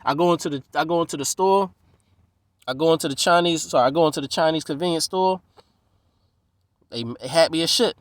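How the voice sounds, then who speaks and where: A man from the East Coast rants to the camera in a loose, streetwise way, full of swearing. His pitch jumps high and low as he gets worked up. The sound is close and dry, with no room around it. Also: brisk, long pauses, no echo. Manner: animated, profane, streetwise, slips into voices of others. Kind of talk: casual profane monologue.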